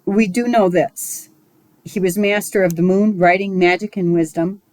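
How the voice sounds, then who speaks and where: A woman giving a recorded spiritual lesson as its teacher, talking in a measured, musing way with small digressions. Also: medium pitch, fairly even intonation, darkish tone, no echo, poor audio.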